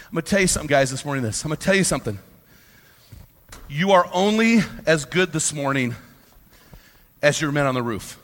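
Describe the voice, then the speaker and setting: A man preaching a fiery sermon to a room of men, swinging from hushed lows to loud, fired-up peaks. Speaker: pastor. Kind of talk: sermon to a men's gathering. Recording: long hall reverb.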